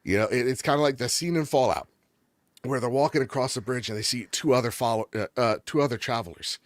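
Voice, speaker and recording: A man in casual chat, enthusiastic and jokey, rambling from one point to the next. His voice sits at an ordinary middle pitch. The recording is dry and close, with no room echo. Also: fast. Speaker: gaming podcast co-host.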